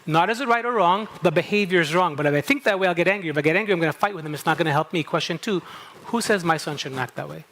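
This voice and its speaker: A middle-aged man from Kuwait, a psychologist and moderator, gives a conference talk on stage. He has an American accent picked up at a New England summer camp, and his fairly high, somewhat bright voice races along. He tells stories, acts out inner dialogue, and keeps checking in with "okay?".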